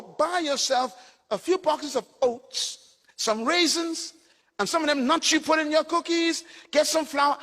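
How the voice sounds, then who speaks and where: A man's voice: very high-pitched, fairly bright tone, in a large hall. A man preaching a sermon as a pastor, delivering short punchy phrases and telling stories to his congregation.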